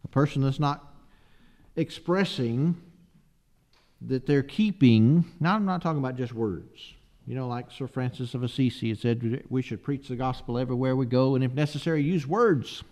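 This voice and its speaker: A man's voice: mid-range voice, normal speed, darkish tone. A man preaching a sermon, emphatic and asking the listeners rhetorical questions.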